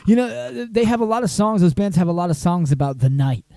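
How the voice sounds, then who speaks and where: A male host with a slightly higher voice than most men, trading jokes and laughing often in a relaxed music chat. His voice sounds dry and close, with no room around it. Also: quick pace, creaky, no echo. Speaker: show host.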